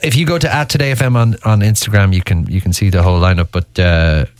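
A man's voice: low voice, fast, clean tone, dry recording. A middle-aged Irish man hosting a casual radio interview, chatty and jokey, tripping over his words now and then. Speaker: radio host. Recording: dry studio, faint music behind.

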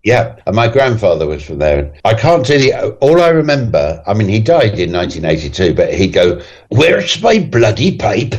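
A man's voice: deep voice, sing-song, a little fast, few pauses, darkish tone. A man in his sixties chatting as a guest in a radio interview, laughing often and telling fond, self-mocking stories. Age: 60s. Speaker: guest comedian.

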